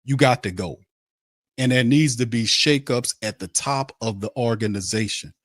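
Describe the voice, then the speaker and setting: A man hosts a sports podcast in a heated rant. He is blunt and profane and hammers his points home again and again. His middle-pitched voice sits in a dry, close recording. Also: normal speed, no echo.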